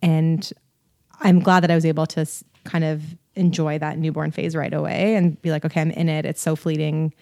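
A young adult woman chats easily as a podcast guest, sprinkling in fillers. Her voice is low and gravelly with vocal fry. She is recorded close and dry. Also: brisk, no echo. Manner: relaxed, chatty, many fillers. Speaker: podcast guest, content creator. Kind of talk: casual chat.

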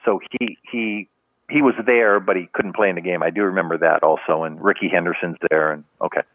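An older man, a retired sports trainer appearing as a guest on an interview show, tells rambling stories in a casual podcast chat. His voice is low and steady and fairly quick, full of "you know" and restarts, and the dry recording sounds tinny, like a phone line.

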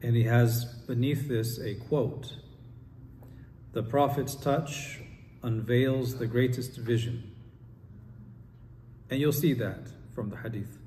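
A man's voice: medium pitch, slow, long pauses, mellow, slight background noise. A man teaching an Islamic study class, reading quotes aloud and putting questions to his students. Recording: long hall reverb, faint ambience.

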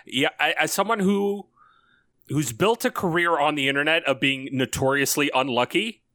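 A man with a bright, forward voice banters on a casual podcast, joking about himself. His voice is recorded close and dry, with no room sound around it. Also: fairly high pitch, normal speed, no echo. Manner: jokey, self-deprecating.

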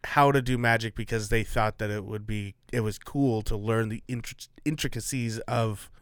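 A man's voice: fairly low pitch, fairly even intonation, moderate pace, clean tone, no echo, studio quality. A man co-hosting a podcast, chatting casually in a jokey, playful way. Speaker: podcast co-host. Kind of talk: casual chat.

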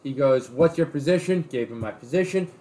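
Guy rambling thru a story on a podcast, kinda high voice. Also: animated, brisk, warm tone. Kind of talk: casual chat.

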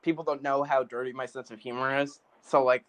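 Male host, casual rambling chat, mid pitch, "like" every few words. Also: fairly even intonation, fairly quick. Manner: rambling, heavy use of "like".

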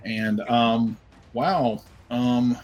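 Slow, hesitant man playing a tabletop game. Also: mid-range voice, fairly even intonation, muffled recording. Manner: hesitant, many ums and uhs. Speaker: player.

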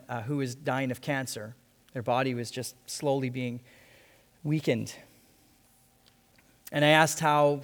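A man preaching a sermon as pastor, earnest, repeating key phrases and slowing down to stress them. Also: medium pitch. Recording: long hall reverb.

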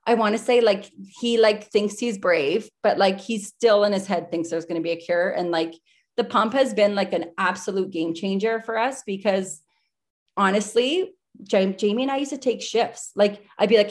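At a moderate pace and medium pitch, a podcast guest in her thirties recounts a story over a video call. Her manner is casual and chatty, with breathless retelling and many filler words like "like."

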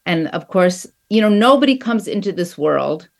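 A woman in her sixties, an author being interviewed, speaking in a thoughtful, earnest, measured way. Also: fairly low pitch, animated, gravelly. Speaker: author guest. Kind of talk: interview conversation.

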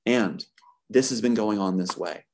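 A man's voice: on the low side, measured pace, darkish tone, a little hiss or hum. A man speaking as an interview guest, angry and emphatic as he makes accusations. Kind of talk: impassioned interview talk.

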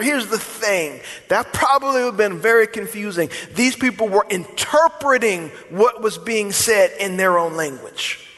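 Man, pastor, sermon, emphatic and repetitive, high pitched, long church-hall reverb. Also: fairly bright tone. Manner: emphatic preaching, repeats key words, chatty asides to the congregation.

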